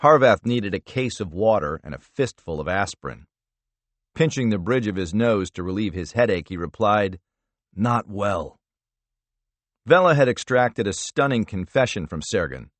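A man narrating a thriller audiobook in a measured, expressive storytelling manner. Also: fairly low pitch, no room sound.

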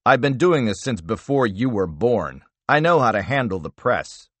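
A man's voice: mid-range voice, very animated, moderate pace, fairly bright tone, dry recording. A man voicing a seasoned, self-assured older male senator in an audiobook, with a dismissive, confident manner.

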